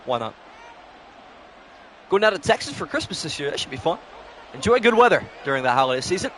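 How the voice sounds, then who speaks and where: High-voiced young male stream commentator. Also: a bit bright, a little hiss or hum. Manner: switches between announcer calls and casual replies to chat. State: short on sleep. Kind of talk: live-stream play-by-play commentary.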